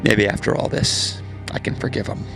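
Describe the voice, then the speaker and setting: In a lightly acted performance, a man voices a resentful, bitter ex-friend. He stumbles along with frequent filler words while music is plainly audible behind him.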